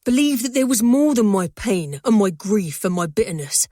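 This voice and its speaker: A woman voicing a dangerous but tender young mafia man in an audiobook, speaking low and intense, often in a whisper. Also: moderate pace, dark tone, husky, no echo, clean studio sound. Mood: fervent.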